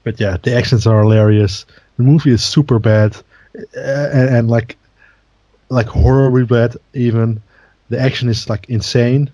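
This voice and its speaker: A man's voice: medium pitch, steady tone, moderate pace, dark tone, dry recording, muffled recording. A man co-hosting a podcast in casual chat, rambling with many fillers and laughing often. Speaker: podcast co-host.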